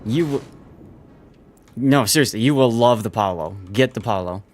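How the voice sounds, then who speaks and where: Streaming a naval warship game, a man with an expressive mid-range voice speaks at normal speed. Between torpedo and range callouts, he casually chats with his audience and replies to their messages.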